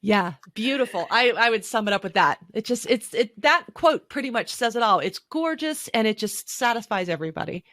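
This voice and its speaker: A woman's voice: fairly high pitch, animated, a little fast, few pauses, a bit bright, no echo, clean studio sound. A woman speaking as a wine expert guest on a podcast, chatty and enthusiastic with frequent restarts. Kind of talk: conversational podcast explanation.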